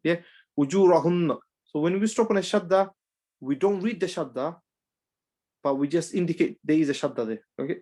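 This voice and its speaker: A man's voice: a little high, a little mellow. Man teaching Quran recitation rules. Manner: halting, repeats himself, many restarts; drills rules through repetition. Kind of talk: online class lesson.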